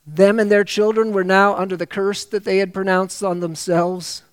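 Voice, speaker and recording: High-voiced impassioned male preacher. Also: flat delivery, clear, resonant tone, no room sound. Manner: impassioned, swells loud on key phrases, slows for emphasis; reads scripture aloud within the preaching. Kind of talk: sermon.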